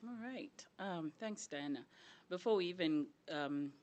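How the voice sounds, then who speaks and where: A woman interviewer with a notably low voice asks short, low-key questions. Her prompts are brief and plain and keep the conversation moving. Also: expressive, measured pace, a little mellow, dull audio, a little hiss or hum.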